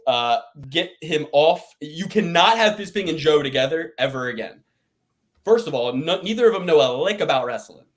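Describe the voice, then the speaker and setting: A man's voice: a little high, lively intonation, moderate pace. Rambling, swearing podcast co-host man. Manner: rambling, swearing, conspiratorial rants. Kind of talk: casual chat.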